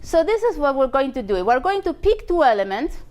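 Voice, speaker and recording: A woman's voice: sits high, big pitch swings, a little fast, darkish tone. A woman giving a math lecture in a lecture hall. She explains step by step, with lots of "you know".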